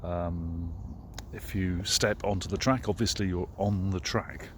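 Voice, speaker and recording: A man's voice: low voice, steady tone, a little hiss or hum. A man with a British English accent teaching running vocabulary outdoors at a track, in simple phrases with fillers. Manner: halting, many fillers, clear simple phrases. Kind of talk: slow spoken vocabulary lesson with commentary.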